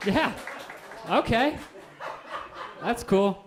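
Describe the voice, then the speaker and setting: A man in his twenties doing a stand-up set, with an offhand, deadpan delivery full of "um"s. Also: very high voice, very slow, crowd noise, background noise. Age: 20s. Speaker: stand-up comedian. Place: live comedy stage.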